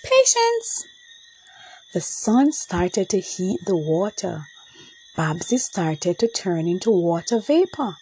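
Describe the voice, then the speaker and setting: A woman narrating a children's storybook in an expressive storytelling manner. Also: on the low side, slow pace, slight background noise, low-quality recording.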